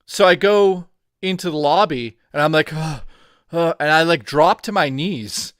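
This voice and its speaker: A man, co-hosting a podcast, telling an animated, profanity-heavy story in casual chat. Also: on the high side, measured pace, no echo, studio quality. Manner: animated storyteller, swears a lot. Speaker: podcast co-host.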